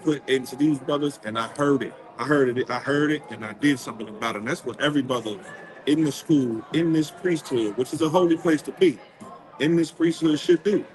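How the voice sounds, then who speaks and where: A man's voice: medium pitch, poor audio. Emphatic preacher-like man. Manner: emphatic, preacher-like, repeats phrases. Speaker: community organizer being interviewed. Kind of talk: impassioned street interview.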